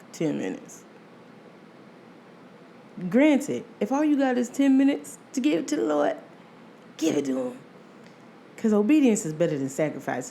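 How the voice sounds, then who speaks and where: Young woman podcast host, lower-pitched voice, animated solo storytelling, laughs often, soft faint hiss behind. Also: gravelly.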